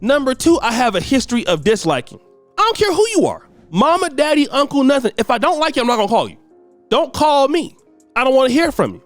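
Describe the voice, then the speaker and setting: A man's voice: extremely high pitch, sing-song, quick pace, no room sound, soft background music. A man hosting a celebrity gossip show, giving blunt, scolding commentary full of slang. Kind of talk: ranting commentary.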